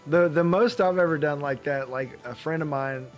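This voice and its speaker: Man, Southern American accent, podcast co-host, casual chat, rambling, fairly high voice, faint music underneath. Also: normal speed, lo-fi sound. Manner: rambling, lots of fillers and restarts.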